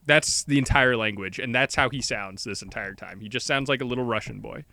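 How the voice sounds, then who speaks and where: A young man co-hosting a podcast, joking in casual chat and jumping in with quick agreement. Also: medium pitch, gravelly, bright, forceful tone, dry recording. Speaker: podcast co-host.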